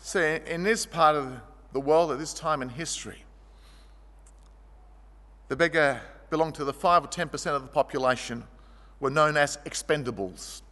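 A man preaching a sermon, his voice pitched high and bright with a tense edge. He tells stories vividly, rising to loud, animated passages and dropping to quiet ones. The sound carries a long hall reverb. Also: normal speed. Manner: storytelling, shifting from vivid and loud to quiet and low. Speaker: pastor.

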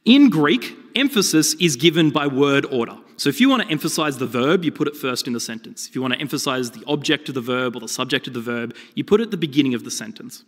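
A man delivers a sermon and tells stories with animated, shifting emphasis. His voice sits in an ordinary middle register. A long reverb from the hall trails after his words. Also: medium pitch, quick pace, few pauses. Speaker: preacher.

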